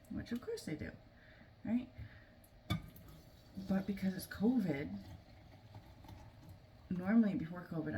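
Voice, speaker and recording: A woman with a lowish voice tells a personal story, casual and halting, with plenty of fillers and restarts. She sits a little back from the microphone. A clear layer of noise runs under her speech. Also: mellow. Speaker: family vlogger. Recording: noisy room, mic at a distance.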